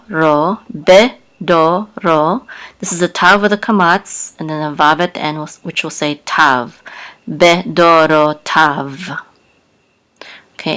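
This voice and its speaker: A woman's voice: low voice, a bit bright. A woman teaching a language lesson, patiently spelling out sounds letter by letter. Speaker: Hebrew teacher. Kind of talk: slow spoken lesson.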